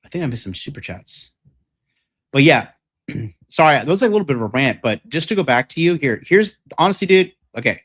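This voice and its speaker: A man's voice: a little high, very animated, brisk, fairly bright tone. A young man hosting a livestream, talking bluntly and profanely in a rambling way with lots of fillers. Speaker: dating coach host. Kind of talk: livestream rant.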